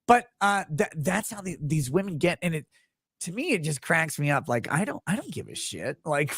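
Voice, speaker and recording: A middle-aged male host tells a rowdy story in casual, profane chat, breaking into laughter now and then. His voice sits a bit high and swings widely in pitch. The sound is close and dry, with no room echo. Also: slightly rough. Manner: animated, swearing, quick bursts, laughs while telling. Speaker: show host.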